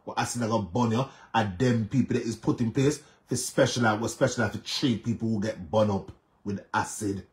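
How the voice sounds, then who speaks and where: A man with a Jamaican accent talks through online drama in casual commentary, his voice sitting on the low side. He is emphatic and repeats his points, sliding between patois and English. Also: a little fast, darkish tone.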